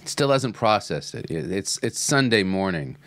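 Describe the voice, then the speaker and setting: A man hosting a podcast, commenting on a played clip and reading Bible passages aloud with pauses and restarts. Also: fairly low pitch, lively intonation, fairly bright tone, no room sound. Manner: reacts to clips, reads Bible passages aloud. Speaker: podcast host.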